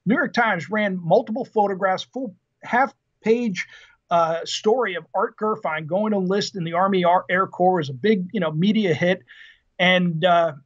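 Recorded in dull lo-fi sound, this man in his fifties, a retired Marine officer appearing on a podcast, recounts family stories casually and acts out what was said. His voice is high and his pace normal.

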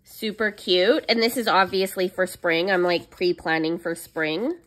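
A woman's voice: medium pitch, unhurried, few pauses, a bit bright. A young woman chatting casually in a haul vlog, gushing and squealing over cute planner stickers. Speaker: planner vlogger.

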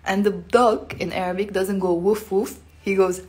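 A woman's voice: medium pitch, steady tone, fairly quick, darkish tone. A woman giving a casual live-stream language lesson, chatty and full of fillers, acting out the sounds she teaches. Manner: chatty, filler-heavy, demonstrates sounds expressively.

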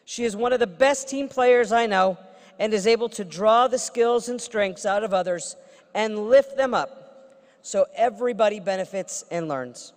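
A woman's voice: mid-range voice, moderate pace. A woman who is a state senator gives a formal ceremonial introduction at a podium with playful asides. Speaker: state senator presenting an honorary degree. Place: large ceremony hall. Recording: reverberant ceremony hall.

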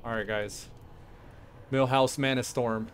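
A man's voice: medium pitch, steady tone, takes it slowly, slight background noise. A man giving casual, rambling commentary while playing a game, laughing often and talking to himself. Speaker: gameplay streamer.

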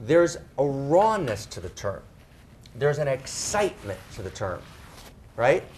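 Animated, emphatic middle-aged man. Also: medium pitch. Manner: emphatic, tags phrases with "right?", slows down to stress words. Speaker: speaker on spirituality and sexuality. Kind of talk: animated talk to a live audience.

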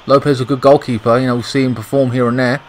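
A man's voice: medium pitch, level tone, fast talker, slight background noise, poor audio. A young British man giving frustrated, swear-heavy commentary over a football video game. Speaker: gaming YouTuber. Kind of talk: gameplay commentary.

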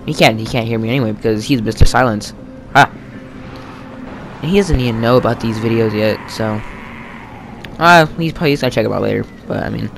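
A man giving rambling, chatty let's-play commentary while gaming with a friend, full of fillers and sudden excited yelps. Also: medium pitch, brisk, gravelly, pauses often, noisy background. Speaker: gamer playing co-op with a friend.

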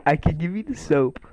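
A man's voice: fairly high pitch, warm tone, muffled recording. A man playing a prison guard in a casual online game role-play, barking short orders at other players.

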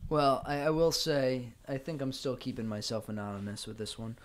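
A man's voice: mid-range voice, moderate pace. A man chatting as a guest on a casual podcast, asking questions and chuckling. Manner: curious, asks questions, chuckles.

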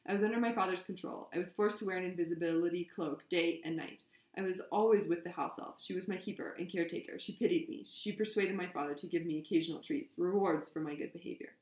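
A woman reading the confession of a drugged young man in a flat, expressionless voice. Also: on the low side, fast talker, few pauses, natural voice. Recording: roomy echo.

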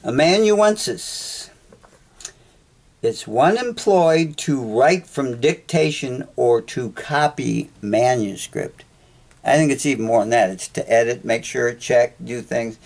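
A man with a gravelly, creaky voice hosts a solo podcast. He rambles in a chatty, joking way and often cuts himself off mid-thought. His pitch sits in a middle range. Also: slow, darkish tone. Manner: chatty, jokey, self-interrupting. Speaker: podcast host.

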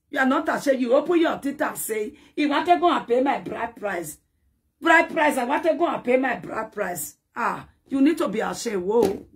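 A husky, fairly high-pitched woman delivers a dramatic social media rant. She scolds and taunts in a repetitive, cutting way. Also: fairly bright tone. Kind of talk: ranting social media commentary.

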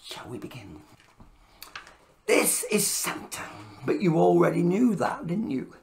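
A woman narrating a children's story in a playful, expressive voice, host of her own reading channel. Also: lowish voice, unhurried, gravelly.

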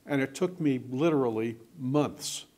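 This is an older author in casual conversation, storytelling through anecdotes full of quoted speech. His voice is mid-range and darkish, delivered at a measured pace.

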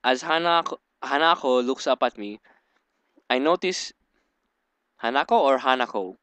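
A young man hosting a let's play, reading a visual novel aloud and breaking off into rambling, giggly asides. His voice is smooth and clean, and it sits right at a dry desk microphone with no room sound. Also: mid-range voice, expressive, normal speed, pushed and bright, no echo.

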